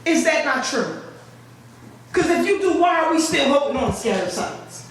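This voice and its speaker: At a board meeting's public comment, an older housing resident pleads with impassioned feeling, her high-pitched voice sing-song at a moderate pace. She keeps repeating herself to drive her points home. Heavy echo fills the meeting room, her voice is distant, and there's faint background noise.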